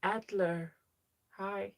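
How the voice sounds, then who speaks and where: A woman's voice: medium pitch, fairly even intonation, very slow. A young trans woman hosting a casual livestream, chatting as she reads out viewer names and answers their comments. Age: young adult. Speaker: livestream host.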